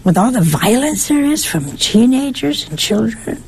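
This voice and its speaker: Slow, gravelly woman preaching. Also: on the high side, big pitch swings, darkish tone, slight background noise. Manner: folksy, asks the listeners rhetorical questions. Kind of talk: conversational sermon.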